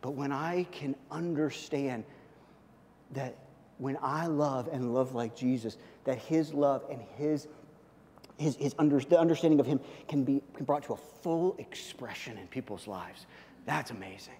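A male pastor preaching, telling a story with lots of restarts and animated asides. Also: medium pitch, a little slow, slight background noise. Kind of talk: sermon with storytelling. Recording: long hall reverb.

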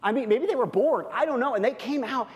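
A male pastor preaching, telling a story with lots of restarts and animated asides. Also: extremely high pitch, fast talker. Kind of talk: sermon with storytelling. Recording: long hall reverb.

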